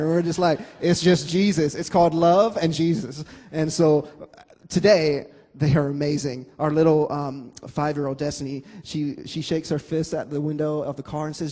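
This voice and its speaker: A man's voice: a little high, normal speed. A man with a slightly raised voice tells his testimony animatedly, throwing in jokes as he goes. His words ring with a long reverb through a church hall. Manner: animated, joking storyteller. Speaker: guest sharing his testimony. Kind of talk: personal testimony talk.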